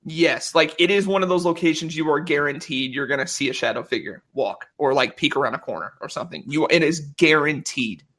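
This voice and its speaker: Upbeat young man with a bright voice. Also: a little high, brisk, few pauses. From Kentucky, USA. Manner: upbeat, laughs often, swears casually. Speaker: podcast guest, paranormal YouTuber. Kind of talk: casual podcast chat.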